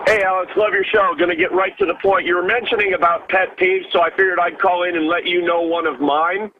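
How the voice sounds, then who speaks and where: A man's voice: high-pitched, steady tone, brisk, a little hiss or hum. A man calling in to a radio show, speaking directly and earnestly and laying out his points one by one. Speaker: caller. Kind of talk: call-in to talk radio. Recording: tinny phone line.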